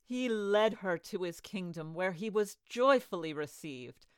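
A woman reads a fairy tale aloud with an animated, swooping voice of medium pitch. The sound is close and dry, with no room around it. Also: unhurried, smooth, no echo. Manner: expressive storybook reading. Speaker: storyteller.

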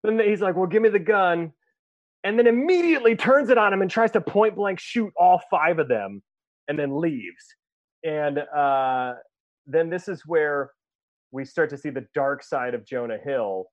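Laughing, swearing man with a higher voice. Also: measured pace, no echo, highs cut off. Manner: laughs often, swears freely, animated retelling. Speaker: podcast host. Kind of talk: casual chat reviewing movie clips.

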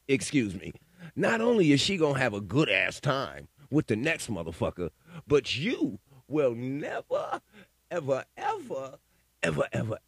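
A man's voice: mid-range voice, fairly bright tone, slightly rough, no room sound, studio quality. A man hosting a solo podcast, telling stories and giving opinions in a rambling, profane, casual way. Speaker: podcast host.

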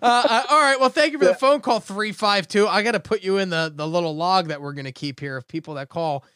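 Guy with a high voice hosting a goofy radio show, dry close mic, laughs a lot. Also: smooth, no room sound. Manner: fast, laughing, animated storytelling. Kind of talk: casual comedic banter.

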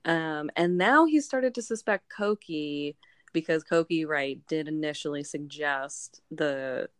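Low-voiced woman casually recapping a novel. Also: takes it slowly, smooth, no echo, clean studio sound. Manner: rambling, animated retelling with filler words. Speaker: book club podcast co-host.

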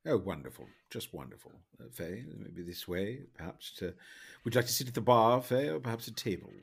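A man playing a prim, courteous gentleman. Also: on the low side, expressive, a little fast, vocal fry, slightly rough, full character voice. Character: polite, formal gentleman adventurer.

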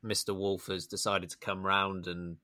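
A man's voice: sits low, flat delivery, moderate pace, sharp tone. A man hosting a podcast, leading the chat with dry, teasing remarks. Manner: dry, teasing, leads the discussion. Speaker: podcast host. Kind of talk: casual chat.

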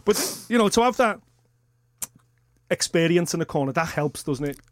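A male talk radio host interviewing a guest in the studio, animated and firing off several questions at once. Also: on the high side, moderate pace, no echo. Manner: animated, asks stacked questions.

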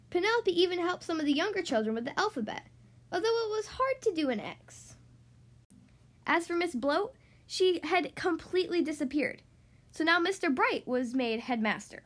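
A woman reads a children's storybook aloud, her high voice swooping through a lively, sing-song melody. She tells the tale with playful, animated emphasis.

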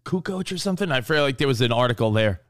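A man co-hosting a casual sports talk show, arguing his points in an animated, rambling way. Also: medium pitch, fast, no room sound, clean studio sound.

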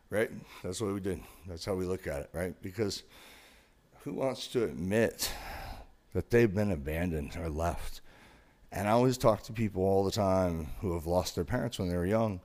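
A man's voice: low-pitched, moderate pace, a little mellow. A man in his forties hosting a podcast, giving an emotional, confessional monologue about his past that builds to intense emphasis. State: emotional, broken up. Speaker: podcast host.

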